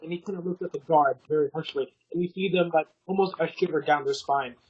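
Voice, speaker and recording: A man's voice: fairly high pitch, quick pace, slightly rough, dull audio. A man narrating a tabletop game as game master, rambling with many ums and restarts.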